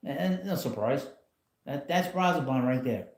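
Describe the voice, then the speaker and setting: A man's voice: mid-range voice, animated, unhurried, a little mellow, reverberant. A man hosting a casual live stream from home, talking in a rambling, blunt way with frequent chuckles. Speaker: channel host. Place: home, in a rocking chair.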